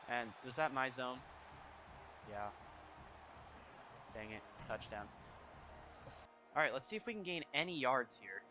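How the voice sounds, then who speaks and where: A young man giving casual, excitable commentary over a football video game, reacting out loud to each play. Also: mid-range voice, a little slow, pauses often, slight background noise. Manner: excitable, reacting loudly to plays. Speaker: gaming YouTuber. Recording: faint music behind.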